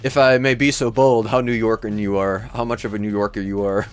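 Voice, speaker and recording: A man's voice: fairly low pitch, moderate pace. Chatty Midwestern man who laughs a lot. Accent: Midwestern American. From Michigan. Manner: rambling and chatty, laughs often. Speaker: livestream host. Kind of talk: casual livestream chat with viewers.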